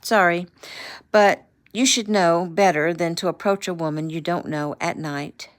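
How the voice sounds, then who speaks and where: A sassy, teasing young woman from a read-aloud novel, quick to needle and sure of herself with a gun, as a woman reader puts her on. The voice sits a little low and stays close to the reader's own. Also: lightly acted. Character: spirited young woman, a gun-savvy rancher's daughter.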